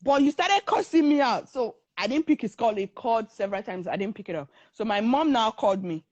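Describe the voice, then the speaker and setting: A young woman recounts her story in a lively, conversational way, switching into the voices of the people she quotes. Her voice sits a little high for a woman. The recording is close and dry, with no room sound. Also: brisk, no echo, highs cut off. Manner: animated, acts out the voices of others in her story. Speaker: guest telling her story. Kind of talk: casual storytelling.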